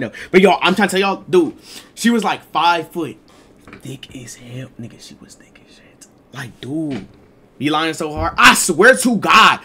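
A man with a slightly high voice shares a story with his livestream chat. He talks in slang and gets excitable, swinging between low mumbled asides and loud exclamations.

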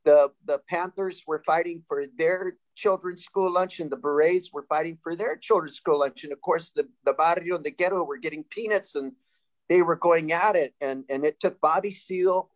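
Animated older man telling stories. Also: a little high, normal speed, low-quality recording. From Sacramento, California, US. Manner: animated, laughing, restarts often. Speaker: panel guest. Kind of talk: casual storytelling.

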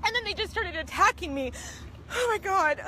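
A woman's voice: extremely high pitch, animated, moderate pace, bright, forceful tone, slight background noise. Shaken woman filming on her phone. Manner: distressed, pleading, shaken. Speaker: customer filming a confrontation. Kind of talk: phone video rant. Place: store parking lot outdoors. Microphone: handheld phone.

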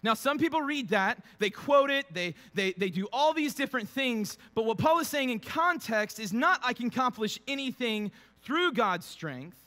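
A young man delivers a casual, joking sermon, bouncing between teaching and playful acted-out quotes. His voice sits high and sounds bright. It rings with the long reverb of a large church hall. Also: normal speed, hardly any pauses. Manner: animated, acts out quotes with funny voices. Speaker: pastor.

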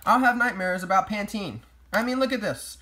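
A man's voice: high voice, a little fast, sharp tone. A man delivering sarcastic, mock-outraged comedic commentary as a vlogger. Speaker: YouTube vlogger.

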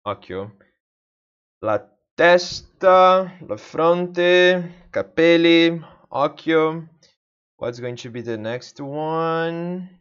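A man whose native tongue is Portuguese talks slowly to himself as he works through a self-study session, repeating each word again and again under his breath. The recording is dull and lo-fi, and the voice sits at an ordinary middle pitch. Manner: muttering to himself, repeating words. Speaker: language learner. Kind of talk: thinking-aloud self-study vlog.

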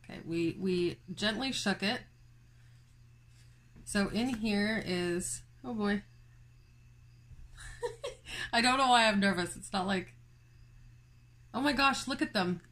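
Woman doing a chatty plant vlog at home, unhurried, giggly, says like a lot. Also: mid-range voice, fairly bright tone. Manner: chatty, filler-heavy, giggly, talks to viewers. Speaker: plant channel host. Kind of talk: casual chat vlog. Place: home, indoors.

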